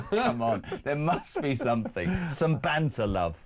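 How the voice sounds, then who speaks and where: A man's voice: mid-range voice, huge pitch swings, a little slow. A man with an English accent hosting a breakfast talk show, blunt and indignant, with joking asides. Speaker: radio and TV breakfast show host. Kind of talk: opinionated talk radio chat.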